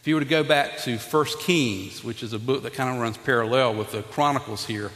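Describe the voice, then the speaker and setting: A man's voice: mid-range voice, fairly quick, fairly bright tone. Male pastor, conversational sermon with asides to the congregation, stumbling restarts, roomy hall sound. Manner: repeats and restarts words often. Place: church sanctuary. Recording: echoey hall with long reverb.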